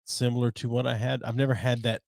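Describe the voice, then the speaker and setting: A man of middle pitch talks things through slowly on a casual podcast, pausing and restarting as he thinks. The sound is close and dry. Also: little pitch movement, creaky, no room sound. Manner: thoughtful, hesitant, with many fillers. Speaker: podcast co-host. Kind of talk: casual chat.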